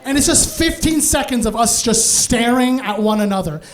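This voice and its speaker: Animated male stand-up comic. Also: very high voice, normal speed, crowd noise, background noise. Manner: animated, laughing through lines. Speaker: stand-up comedian. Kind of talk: stand-up storytelling. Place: comedy stage.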